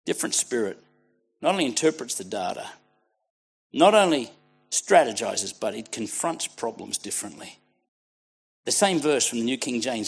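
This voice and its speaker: A man's voice: medium pitch, creaky, slightly rough. Fervent Australian man preaching. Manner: fervent, exhorting, swings from hushed to shouting. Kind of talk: sermon.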